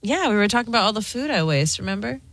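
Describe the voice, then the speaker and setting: A woman's voice: mid-range voice, lively intonation, fast, a bit bright, dry recording. A woman producing a sports radio show, trading playful remarks with the host. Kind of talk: casual studio banter.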